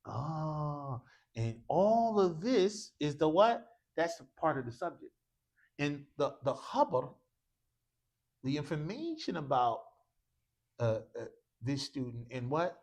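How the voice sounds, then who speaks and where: A man's voice: on the high side, slow, pauses often. A man teaching an Arabic grammar class in a mosque, leading his students through drills and slipping into slangy asides. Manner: animated, calls for repetition, slangy asides.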